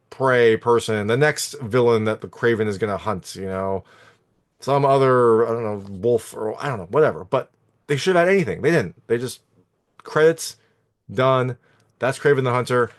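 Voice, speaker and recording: A man's voice: medium pitch, expressive, normal speed. A man talking casually as a film reviewer, recapping a plot in a chatty, meandering way with many fillers. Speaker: movie reviewer.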